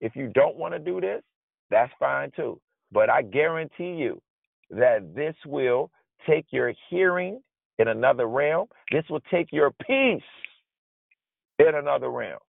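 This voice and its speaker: A man preaching a conversational sermon, informal and animated, acting out his frustration in asides. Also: mid-range voice, a little slow, gravelly, no room sound. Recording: dry, tinny phone-like sound.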